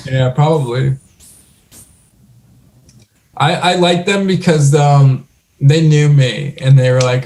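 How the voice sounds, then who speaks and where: A man's voice: fairly high pitch, steady tone, slow, pauses often, darkish tone. A young man co-hosting a podcast, telling rambling stories in casual chat with lots of fillers and restarts. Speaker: podcast co-host.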